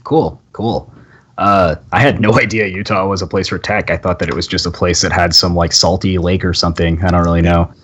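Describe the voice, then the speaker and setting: A man's voice: sits low, fairly even intonation, brisk, fairly bright tone. A man from Texas hosting a casual live-stream chat, talking loosely with frequent laughs, fillers and restarts. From Texas, USA. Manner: chatty, laughs often, many fillers and restarts. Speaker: podcast host.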